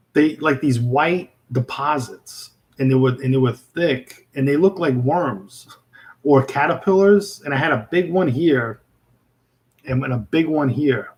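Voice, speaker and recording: A New York man with a Brooklyn accent chats casually with livestream viewers in a medium-pitched voice, rambling with lots of fillers and restarts. The recording quality is low.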